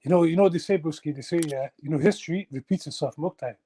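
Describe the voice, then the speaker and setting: A man's voice: on the high side, fast talker, dark tone, dry recording. A young man in casual chat, switching into Somali and calling his friends bro. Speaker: open mic speaker.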